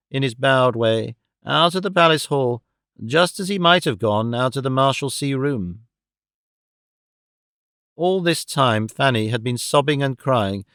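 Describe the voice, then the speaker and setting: A man narrating a classic novel audiobook with a steady, expressive reading. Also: medium pitch, clear, resonant tone, no room sound, clean studio sound.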